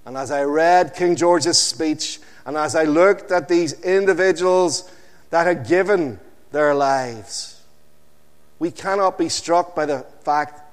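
A man preaching an evening sermon, slow and emphatic, with dramatic pauses and phrases that sink low and quiet at the end. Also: big-room sound.

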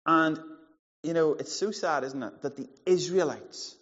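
A man in his forties preaching a sermon, animated and playful, acting out the voices in the story. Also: a little high, a little slow. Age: 40s. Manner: animated, playful, acts out quotes. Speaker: pastor. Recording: muffled sound in a large hall.

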